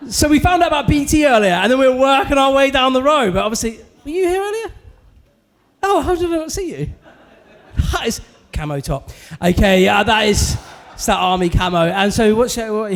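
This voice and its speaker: High, gravelly-voiced comedy compere. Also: male voice. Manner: crude, teasing banter with the audience. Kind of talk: crowd work and stand-up banter. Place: comedy club stage, live show.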